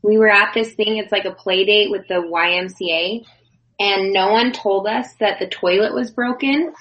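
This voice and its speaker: A woman in casual chat with friends, telling a story with lively acted-out quotes and laughter. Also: mid-range voice, normal speed. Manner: animated storyteller, acts out quoted voices.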